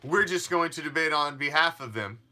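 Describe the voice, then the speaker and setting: A man hosts a fan sports podcast in a rambling, emphatic style, restarting often and swearing a bit. His voice sits on the high side, pushed and bright, with lively intonation and a moderate pace.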